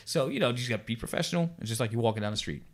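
A man in his forties, of Puerto Rican heritage, telling a story in casual chat, profane and animated. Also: medium pitch, rapid-fire. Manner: profane, animated, lots of restarts. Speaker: podcast guest.

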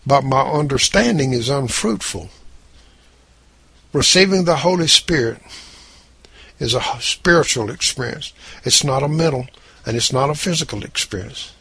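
A man preaching with a gravelly, husky voice and emphatic delivery. He reads scripture slowly, then drives his points home. The sound is dry and close, with no room around it. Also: on the high side, fairly bright tone, no echo. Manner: emphatic preaching, reading scripture in King James wording. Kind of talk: sermon.

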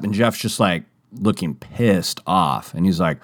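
An unhurried man with few pauses shares a personal tale casually, recorded cleanly in a studio without echo. His animated, rambling telling features frequent restarts and fillers, and he shifts to high voices whenever he quotes others.

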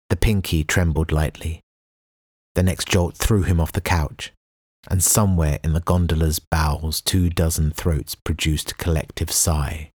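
Male audiobook narrator, deep voice, breathy edge. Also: a little mellow, dry recording, clean studio sound. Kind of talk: scripted narration.

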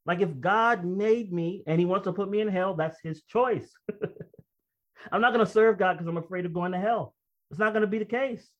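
A man preaching a sermon, reading quotations slowly and then commenting in a conversational, emphatic way with personal stories. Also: high-pitched, a bit bright. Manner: reads quoted text slowly, then comments conversationally and emphatically, often laughing. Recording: dull lo-fi recording.

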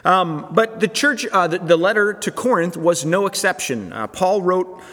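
A man's voice: sits high, lively intonation, normal speed, fairly bright tone. A man preaching a conversational sermon as pastor, casual and chatty, with frequent fillers and restarts. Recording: long hall reverb.

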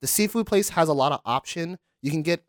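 A man's voice: on the high side, fairly quick, no echo, studio quality. A man, co-hosting a casual podcast and telling stories by acting out quotes. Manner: animated storyteller acting out quotes. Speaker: podcast co-host. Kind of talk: casual chat.

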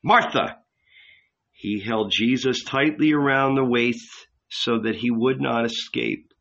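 A man reading a novel aloud in a calm, measured way, recorded lo-fi. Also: mid-range voice, gravelly. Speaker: audiobook reader. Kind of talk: scripted narration of a novel. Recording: dull lo-fi recording.

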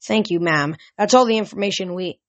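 A woman's voice: mid-range voice, fairly quick, no echo, dull audio, lightly acted. A woman voicing an intense teenage boy who speaks urgently while reading a novel aloud.

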